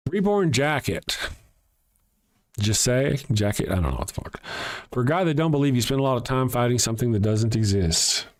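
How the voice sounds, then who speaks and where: A man's voice: medium pitch, animated, normal speed. A man hosting a livestream alone, reading chat comments aloud and answering them in a blunt, sarcastic, profane rant.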